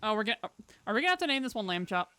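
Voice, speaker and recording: A live streamer chatting casually and playfully over gameplay, talking to viewers and a pet and breaking into loud exclamations. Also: mid-range voice, sing-song, very fast, clear, resonant tone, no echo.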